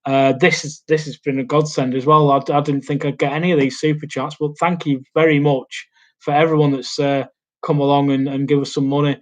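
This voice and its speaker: A young man chatting through a live Q&A at his laptop in a small home studio. His voice sits fairly high for a man. He rambles and hesitates, with lots of ums and restarts along the way. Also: level tone, a little fast. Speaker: YouTube host. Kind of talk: casual live Q&A chat. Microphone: laptop mic.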